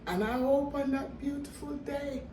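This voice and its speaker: A woman's voice: sits high, steady tone, moderate pace, dark tone, slight background noise. An older woman hosting a home cooking video, talking earnestly and directly to her viewers. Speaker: cooking vlogger. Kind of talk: casual home cooking talk. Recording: echoey room, voice a little distant from the mic.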